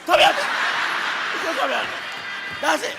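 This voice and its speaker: An actor with a Jamaican accent playing a boastful, menacing man who abuses his power, taunting and shouting on a live stage. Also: slow pace, a crowd in the background, background noise, close to an everyday voice. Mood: commanding. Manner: taunting, domineering, often shouting. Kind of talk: live stage play acting. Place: theatre stage with a live audience. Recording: theatre stage with long reverb.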